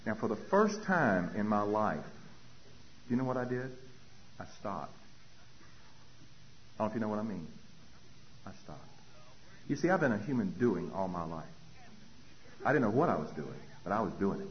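Man giving an animated recovery-meeting talk, acts out dialogue; dull lo-fi recording with faint hiss. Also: on the low side, fairly quick.

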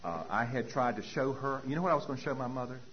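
A man's voice: medium pitch, fast, highs cut off, a little hiss or hum. A man giving a personal recovery talk at a meeting, telling his story with animation and acting out dialogue.

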